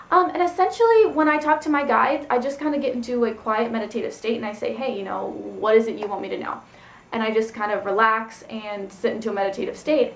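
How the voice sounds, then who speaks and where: Woman vlogger, somewhat high voice, casual rambling story, echoey room. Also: a bit bright. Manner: rambling, loose, full of "like" and "um". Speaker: spiritual vlogger. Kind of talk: casual personal storytelling vlog.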